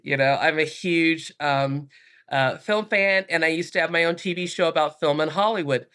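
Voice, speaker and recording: A middle-aged American woman, a book author telling travel stories in an interview, animated and acting out the voices in them. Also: low-pitched, moderate pace, clean tone. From United States. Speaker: guest, author. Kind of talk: storytelling interview.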